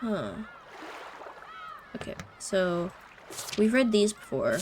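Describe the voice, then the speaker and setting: A woman casually commenting on a visual novel as she plays, excitable and thinking aloud. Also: mid-range voice, measured pace, long pauses, slight background noise. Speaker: let's-play streamer.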